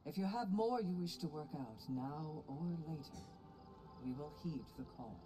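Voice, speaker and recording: A man voicing a composed, dignified male god in a video game, speaking in a calm, formal way. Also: on the high side, moderate pace, over loud music.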